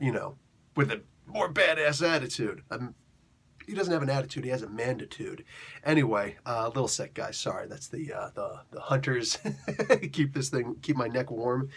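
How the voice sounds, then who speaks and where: A man's voice: medium pitch, a bit bright, slightly rough. A man hosting a casual review monologue, rambling and joking, with many fillers and restarts. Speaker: review show host.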